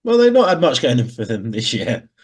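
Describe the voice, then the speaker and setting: Husky, jokey Midlands podcast man. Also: medium pitch, huge pitch swings, moderate pace. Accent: English Midlands. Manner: jokey, banter-filled, laughs often. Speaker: podcast co-host. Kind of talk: casual chat.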